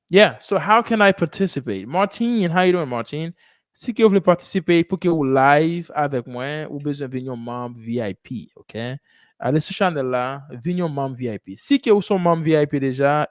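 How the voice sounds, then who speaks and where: A man's voice: fairly high pitch, dry recording, studio quality. Man coaching English pronunciation. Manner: coaching, repeats phrases slowly, mixes Haitian Creole and English. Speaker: English teacher. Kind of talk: live online English lesson.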